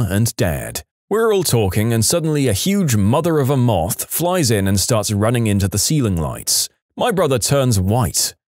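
A man reading submitted Reddit stories in an animated storytelling voice that swings widely in pitch. His voice sits at an ordinary middle pitch. The sound is close and dry, with no room around it. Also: dry recording. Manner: lively storyteller, acts out quoted lines. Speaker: story narrator.

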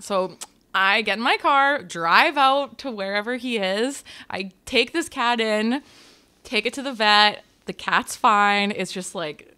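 Casting: young woman, podcast co-host, chatty storyteller, bright and forceful tone. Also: mid-range voice, slow pace, clean tone. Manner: chatty storytelling with frequent "like" fillers. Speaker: podcast co-host, wedding photographer. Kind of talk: casual chat.

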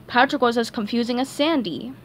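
A young woman reading a children's storybook aloud in an expressive, animated way. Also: on the high side, brisk, slight background noise. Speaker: story reader.

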